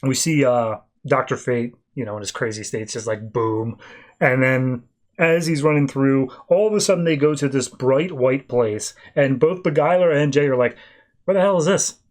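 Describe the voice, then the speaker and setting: A man's voice: medium pitch, normal speed. Chatty man recapping comics on a podcast. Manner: loose, chatty retelling full of fillers and "he's just like". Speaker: podcast host.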